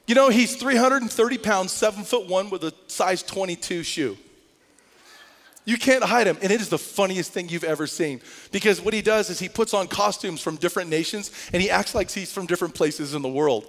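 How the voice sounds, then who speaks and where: Animated preacher in a reverberant hall. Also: male voice, high-pitched, fairly quick. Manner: animated storytelling, rising to shouts. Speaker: pastor. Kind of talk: sermon. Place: church sanctuary.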